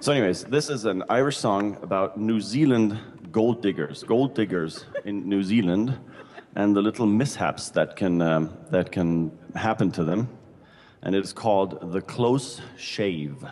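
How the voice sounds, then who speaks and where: A man's voice: lowish voice, moderate pace, darkish tone, long reverb tail, a little hiss or hum. A man introducing a song he is about to play, chatty and self-mocking, in a casual stage introduction.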